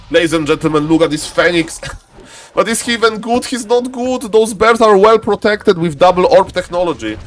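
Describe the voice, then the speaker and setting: A man streaming and commentating a strategy game match live, chatty and excitable, breaking into sudden high shouts and greeting viewers by name. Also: normal speed, a little hiss or hum.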